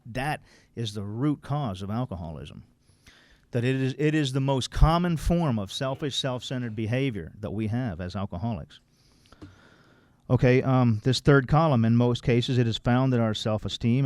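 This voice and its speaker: A man's voice: mid-range voice, darkish tone, no room sound. Blunt, folksy man leading a workshop. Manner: blunt, folksy, mildly profane; quotes text then explains it plainly. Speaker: recovery workshop speaker. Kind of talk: informal workshop talk.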